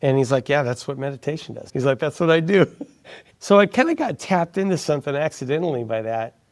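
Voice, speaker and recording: A man being interviewed as a guest, telling a personal story in a casual, animated way and dropping into a soft hushed voice when quoting others. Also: fairly high pitch, fast talker.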